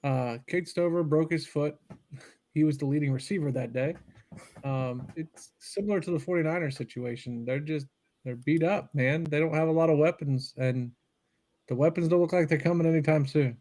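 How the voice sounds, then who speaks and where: A man with a fairly high voice co-hosting a casual sports podcast. He talks in a laid-back, teasing way, trading jokes with his co-host. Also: normal speed, dark tone.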